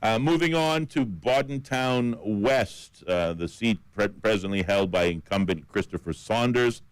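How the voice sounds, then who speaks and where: Caymanian male radio co-host, very deep voice, dry studio sound, steady list-reading. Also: measured pace, clear, resonant tone, no echo, low-quality recording. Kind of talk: radio talk about election candidates.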